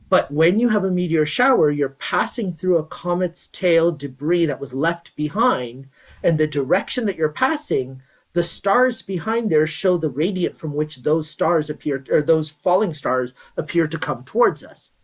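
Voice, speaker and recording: A man's voice: a little high, poor audio. A man speaks with easy enthusiasm about meteors and night-sky science. His delivery is conversational, and he slides into storytelling as he retells an old legend. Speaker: guest speaker at an astronomy event. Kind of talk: presentation with storytelling.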